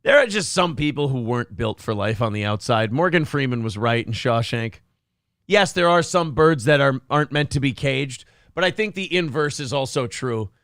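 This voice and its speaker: A man's voice: medium pitch, lively intonation, normal speed, fairly bright tone, dry recording, studio quality. An American man hosting a morning show, ranting and joking sarcastically in casual banter. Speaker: radio show host.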